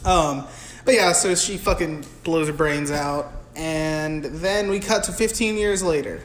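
A young man co-hosting a podcast, recapping a film in a loud, profane, animated way and slipping into voices for the characters. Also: fairly high pitch, unhurried. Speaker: podcast co-host. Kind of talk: casual chat recapping a film. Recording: echoey room with faint noise.

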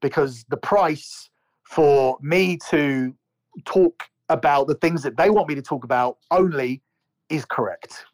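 Unhurried despite his temper, a podcast co-host with a slightly high voice delivers a profane, heated rant. Words get repeated often in this casual exchange.

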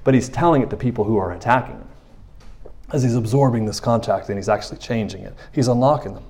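A man preaching in a loose, conversational way, often checking in with his listeners and dropping to a quiet voice for emphasis. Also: fairly low pitch, quick pace. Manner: conversational, often asks 'you know what I'm saying', drops soft for emphasis. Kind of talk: informal sermon.

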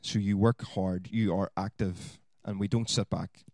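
A man preaching a sermon, swinging from loud exhortation to quiet asides. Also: low-pitched, a little slow, dry recording. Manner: animated, rising to loud exhortation then dropping to quiet asides.

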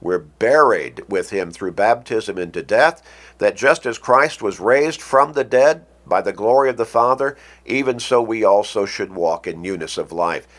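A man preaching a radio sermon, emphatic and deliberate, quoting scripture. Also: lowish voice, animated, fairly bright tone.

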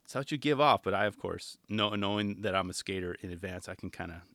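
A man's voice: low voice, fast, a bit bright, no echo, studio quality. A man hosting a podcast from his home garage, chatting casually and at length, often acting out what people said. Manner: laid-back, rambling, acts out quoted voices. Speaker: podcast host reacting to a skate video. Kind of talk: casual spoken commentary. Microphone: studio microphone.

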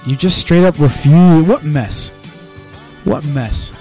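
A man's voice: fairly high pitch, takes it slowly, faint music behind. A man in a casual argument with friends over a spilled beer, defensive and repeating his point. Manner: animated, defensive, repeats himself. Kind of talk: casual bar banter.

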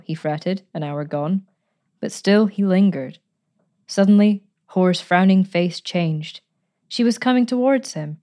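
A woman narrating a story in a measured, expressive reading voice. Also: lowish voice. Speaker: audiobook narrator. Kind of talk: scripted narration.

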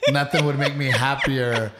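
A man's voice: mid-range voice, normal speed, very noisy. A man co-hosting a casual chat with his partner, telling stories with lots of "dude" and "right?". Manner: animated storyteller, says "dude" and "right?" a lot. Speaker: podcast co-host. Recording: roomy echo.

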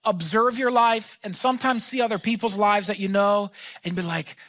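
A man preaching a sermon as pastor, talking in a casual, animated way that rises to shouts. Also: high-pitched, moderate pace, no echo.

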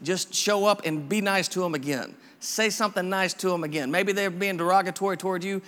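A man's voice: high-pitched, fairly quick, a bit bright. A man preaching a casual, encouraging sermon full of repetition and restarts. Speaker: pastor. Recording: long hall reverb.

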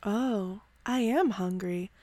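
A woman voicing Shael, a calm, curious female figure who speaks softly and wonders aloud. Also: medium pitch, takes it slowly, no echo.

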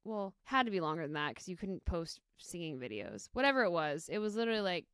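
Brief: young woman, podcast co-host, loose chatty delivery, crisp dry close-mic sound. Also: fairly low pitch, big pitch swings, fast talker, fairly bright tone, no echo. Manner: chatty, lots of "like" fillers, joking. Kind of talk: casual chat.

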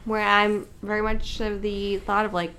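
A woman's voice: medium pitch, little pitch movement, moderate pace, bright, forceful tone. A woman co-hosting a podcast in casual chat. She talks frankly and swears without fuss, with a faint noise under her voice. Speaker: podcast co-host.

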